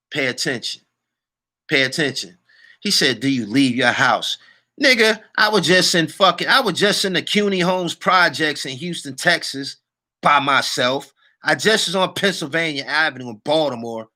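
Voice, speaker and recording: Animated New man ranting. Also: on the high side. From New York City. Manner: animated, profane street slang, repeats phrases. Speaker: online show host. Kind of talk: casual vlog rant.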